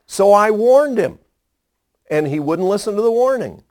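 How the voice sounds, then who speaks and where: Animated male pastor telling stories. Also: sits high, measured pace, no room sound, studio quality. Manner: animated storyteller who acts out quoted voices. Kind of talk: storytelling sermon to young people.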